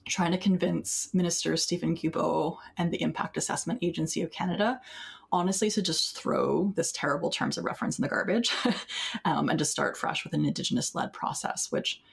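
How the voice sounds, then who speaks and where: A woman's voice: sits low, fairly quick, gravelly, slightly rough. A woman organizer giving casual interview answers, full of fillers and wry laughter. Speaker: mining justice organizer.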